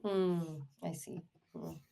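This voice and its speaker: A woman's voice: on the low side, steady tone, takes it slowly, gravelly, mellow. A woman interviewer asking short questions and giving listening sounds. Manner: attentive, prompting with short questions and backchannels. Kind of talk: casual interview talk.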